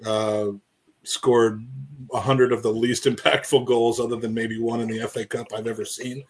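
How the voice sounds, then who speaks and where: A man's voice: mid-range voice, little pitch movement, moderate pace, slightly rough. A man co-hosting a casual football podcast, rambling and joking as he reads out names from the live chat. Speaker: podcast co-host.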